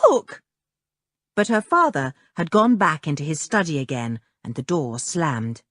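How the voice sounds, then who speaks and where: A woman reading a children's novel aloud as an audiobook narrator, with expressive storytelling. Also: deep voice, normal speed, dry recording, studio quality.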